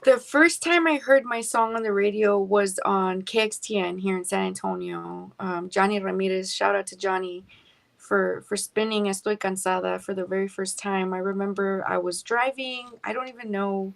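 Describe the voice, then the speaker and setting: A woman's voice: medium pitch, steady tone, moderate pace, creaky. A young adult woman, chatting as a singer-songwriter guest in a radio interview, dropping in Spanish words. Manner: chatty, warm laughter, mixes in Spanish words.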